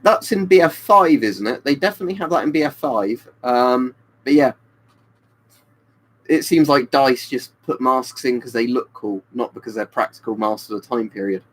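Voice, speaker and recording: A man's voice: medium pitch, moderate pace, fairly bright tone, poor audio. A man chatting casually on a webcam live stream, rambling and answering viewers by name. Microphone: webcam stream mic.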